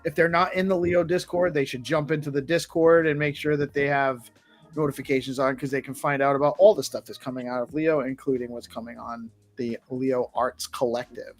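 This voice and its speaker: A man's voice: medium pitch, little pitch movement, brisk, faint music behind. A man hosting a casual live audio chat, upbeat and enthusiastic. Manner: upbeat, enthusiastic, laughs often. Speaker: host.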